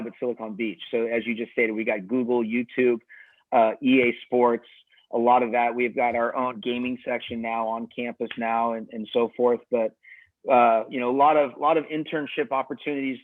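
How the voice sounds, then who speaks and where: A man speaks as a college tennis coach in a casual interview, easygoing and rambling, often restarting his sentences. His voice comes through a video call with thin, phone-like sound. The audio is dry, with no room echo. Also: medium pitch.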